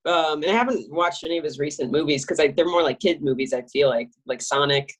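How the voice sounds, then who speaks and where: A woman with a somewhat low, husky voice chats as an interview guest. She is laid-back and jokey, with a bit of swearing and a loose, easy flow. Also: quick pace. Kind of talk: casual chat.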